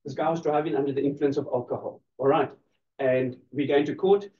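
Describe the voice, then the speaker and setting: In an echoey lecture room, a man with a voice high for a man gives a lively, fairly quick law lecture, teasing his students playfully and laughing often with them. He sits far from the mic, so the recording comes across dull and lo-fi.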